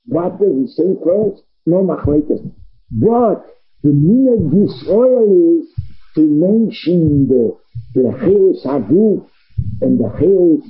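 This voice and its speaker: Husky man giving a halting Talmud lecture. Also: on the high side, animated, phone-quality sound. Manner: halting, repeats words while thinking aloud. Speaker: Torah teacher.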